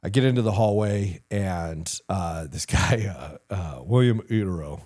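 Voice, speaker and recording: In a lowish male voice at normal speed with few pauses, a middle-aged retired sergeant major recounts war stories in a relaxed interview. He's animated and swears freely, peppering his talk with "like" and "you know."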